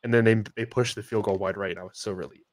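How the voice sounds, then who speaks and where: A man's voice: lowish voice, fairly even intonation, fast talker. A young man co-hosting a sports podcast, telling a long story in a casual, rambling way with many fillers and restarts. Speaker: podcast co-host.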